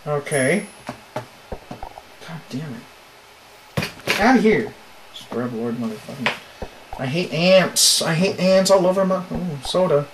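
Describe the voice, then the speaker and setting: A man's voice: on the high side, normal speed, noisy background. A man giving casual gameplay commentary as a let's play host, with crude joking asides. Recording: roomy echo.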